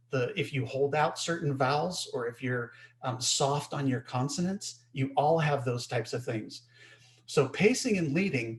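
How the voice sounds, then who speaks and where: A man co-hosting an online webinar, explaining ideas emphatically and often checking in with the listeners. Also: fairly high pitch. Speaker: co-host teaching a webinar. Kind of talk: webinar teaching.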